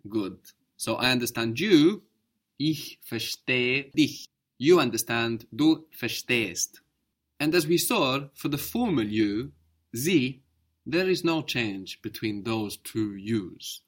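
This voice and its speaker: A male teacher leads a spoken language lesson at a slow, measured pace. He explains patiently and repeats words carefully for his student to copy. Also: mid-range voice, lively intonation.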